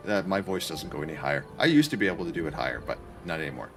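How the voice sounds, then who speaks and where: Speaking very fast and very animatedly, this man has a rumbling low voice with vocal fry, and soft music plays behind him. He's a streamer from Canada, gaming in his apartment and casually joking and chatting with viewers.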